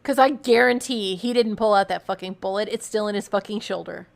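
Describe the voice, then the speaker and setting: A young woman streaming a game, reacting in an excitable, animated way and swearing freely. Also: medium pitch, a little fast, vocal fry. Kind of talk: game commentary.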